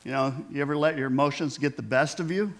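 Man preaching in a chatty, higher voice. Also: fast. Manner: conversational preaching with rhetorical questions and quoted voices. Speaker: pastor. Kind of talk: sermon.

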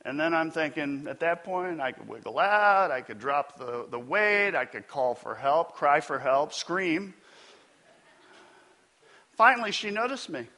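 A man's voice: a little high, expressive, measured pace, sharp tone. A man preaching a sermon, telling a funny personal story before building to emphatic preaching. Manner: storytelling with self-deprecating humor. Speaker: pastor.

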